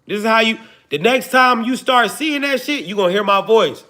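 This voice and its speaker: A man's voice: high-pitched, expressive, moderate pace, pushed and bright. A man, hosting a livestream and joking profanely to his chat before preaching his point. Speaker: livestream host. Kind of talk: casual livestream talk to chat.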